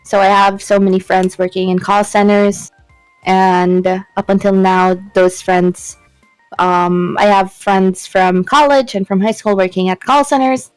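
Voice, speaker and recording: Filipino woman chatting with halting restarts. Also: mid-range voice, little pitch movement, clean tone, no echo, soft background music, low-quality recording. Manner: halting, repeats words, emotional. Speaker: streamer co-host. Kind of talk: casual Taglish chat.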